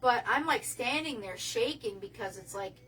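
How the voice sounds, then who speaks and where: Bright-voiced rambling woman telling a story. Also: fairly high pitch, expressive, normal speed, breathy edge, recorded from a distance, low-quality recording. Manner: rambling, restarts a lot, swears casually. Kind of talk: casual livestream storytelling.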